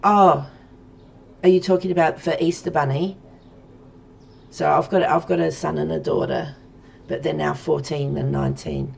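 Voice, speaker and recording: A woman's voice: deep voice, fairly even intonation, moderate pace, creaky, pauses often, darkish tone, husky. An Australian woman in her forties chatting casually to viewers while she streams a game, rambling as she plays. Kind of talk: casual let's-play chat.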